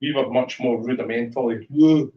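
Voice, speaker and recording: A Scottish man telling lively whisky stories as a guest speaker at a tasting, acting out voices as he goes. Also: medium pitch, normal speed, echoey room, far from the mic, highs cut off. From Scotland. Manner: animated storyteller, acts out voices in anecdotes. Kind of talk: live storytelling chat at a tasting. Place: shop tasting room.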